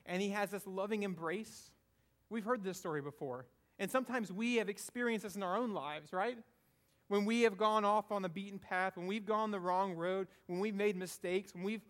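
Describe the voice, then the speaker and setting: A man's voice: sits high, a bit bright. A man preaching a conversational sermon, retelling a parable and often checking in with "right?".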